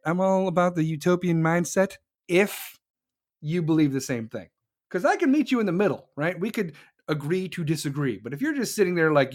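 A man's voice: sits high, expressive, a little fast. A man hosting his own podcast, venting in an angry, profane, combative rant and answering live listeners as he goes. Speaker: podcast host. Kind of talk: solo political rant podcast.

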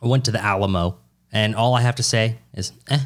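A man's voice: on the low side, fairly even intonation, fairly quick. A man in casual chat as a podcast co-host, swearing a lot and joking rowdily. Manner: profane, rowdy and joking.

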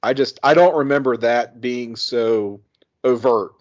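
A man's voice: medium pitch, measured pace. A man on a podcast chatting casually, laughing often and restarting his sentences. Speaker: podcast co-host or guest. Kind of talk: casual chat. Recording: muffled podcast audio.

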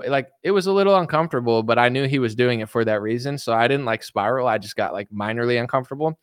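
A man's voice: mid-range voice, a bit bright, clear, resonant tone, no room sound, clean studio sound. A young man chatting casually on a livestream about politics, rambling with lots of fillers and mocking impressions. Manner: rambling, many fillers, mimics others mockingly. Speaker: political commentary streamer.

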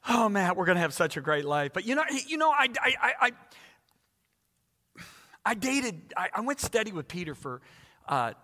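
A man's voice: high-pitched, sing-song, normal speed, pauses often, bright, forceful tone, heavily acted. A man voicing a giddy young woman bride who squeals, then coaxes and bargains, in an echoey hall. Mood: coaxing. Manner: squealing, then pleading and coaxing.

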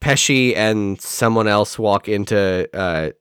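A man's voice: lowish voice, slow, fairly bright tone, clean tone, no echo, studio quality. A man co-hosting a podcast, making wry, jokey remarks in a casual chat about a film. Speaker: podcast co-host. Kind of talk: casual movie discussion.

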